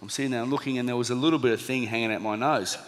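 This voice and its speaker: Australian man, thirties, quick storytelling pace, acts out quotes, echoing hall. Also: mid-range voice, a little hiss or hum. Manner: lively storytelling, acting out quoted lines, laughing at himself. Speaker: motivational speaker, former boxer. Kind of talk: anecdote told to a live audience. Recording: reverberant hall.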